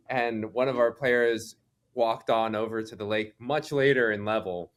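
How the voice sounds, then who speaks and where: A man's voice: medium pitch, steady tone, moderate pace. A man chatting as a guest commentator, telling a story in an easygoing way. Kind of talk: casual chat.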